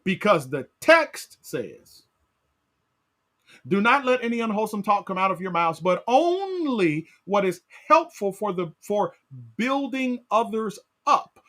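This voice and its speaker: A man leading a Bible study as pastor, animated, asking his class questions and often tagging on "right?". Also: high voice, measured pace.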